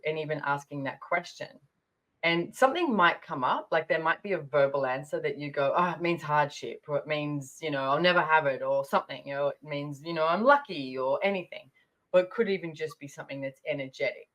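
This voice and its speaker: A woman hosts a relaxed podcast conversation, her voice sitting low. She rambles through stories in a chatty way, full of little fillers and asides. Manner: chatty, storytelling, many fillers. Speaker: podcast host.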